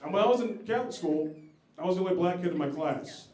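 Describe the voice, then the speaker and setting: A man's voice: high-pitched, animated, fast, very noisy. A male comedian doing a stand-up set on a club stage, profane and self-deprecating as he teases the crowd. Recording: echoey club room.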